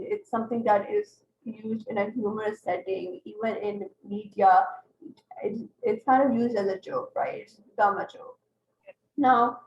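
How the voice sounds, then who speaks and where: A woman teaching an online class, explaining step by step and checking in with her students. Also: medium pitch. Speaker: English tutor. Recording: roomy, dull lo-fi online class audio.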